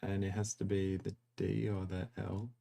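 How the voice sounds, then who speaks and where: A man with a low, dark voice reads viewer questions aloud to the host. His delivery is plain and matter-of-fact. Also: level tone, moderate pace, vocal fry.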